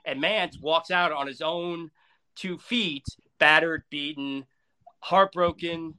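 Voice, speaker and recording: A man retelling a wrestling match in casual, animated talk, swearing freely and acting out what people said. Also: on the high side, slow pace, clear, resonant tone. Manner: profane, emphatic, acts out quotes. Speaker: wrestling storyteller.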